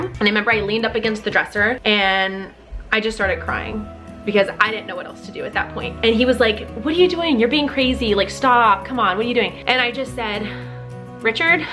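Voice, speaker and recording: A young woman casually telling a personal story to camera, candid and expressive, with plenty of "like" and the odd swear word. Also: medium pitch. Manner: candid and expressive, with frequent "like" and profanity.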